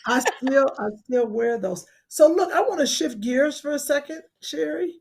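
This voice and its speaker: A woman co-hosting a casual podcast, talking loudly with laughter and halting restarts. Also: high-pitched, expressive. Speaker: co-host.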